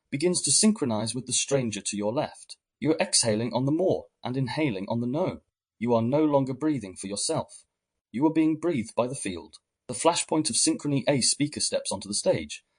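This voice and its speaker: Male narrator, husky, mid-pitched, calm second-person guided narration.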